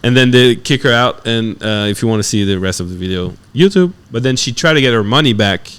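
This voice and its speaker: A man with a French accent, a guest comedian telling animated stories on a podcast and acting out other people's voices. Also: mid-range voice, brisk, clear, resonant tone. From France. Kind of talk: casual podcast storytelling.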